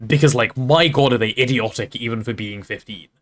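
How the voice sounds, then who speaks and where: A man streaming, reading a novel aloud and then chatting casually, animated and swearing freely. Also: mid-range voice, brisk.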